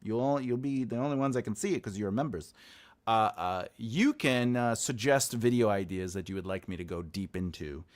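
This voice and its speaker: A man's voice: fairly low pitch, normal speed. A man hosting a live writing stream, chatting loosely with his viewers, rambling and laughing, often acting out what other people say. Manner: rambling, animated, laughs often, acts out quotes. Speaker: writing teacher and show host.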